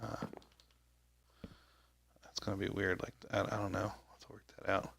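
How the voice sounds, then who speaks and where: A man's voice: low-pitched, level tone, unhurried, gravelly, fairly bright tone, a little hiss or hum. A man giving casual gameplay commentary, rambling and exclaiming as he talks to himself. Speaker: show host.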